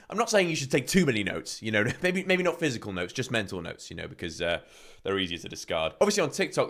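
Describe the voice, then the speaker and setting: A man's voice: lowish voice, a bit bright. A man hosting a reaction video, mocking the clips with sarcastic jokes. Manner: sarcastic, mocking, laughs often. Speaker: host. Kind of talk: reaction commentary.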